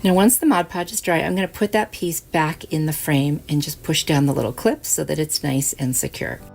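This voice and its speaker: Chatty diy lady narrating her crafts, low gravelly voice, easy step by step. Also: normal speed. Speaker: craft channel host. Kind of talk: casual DIY tutorial voice-over. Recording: soft music behind.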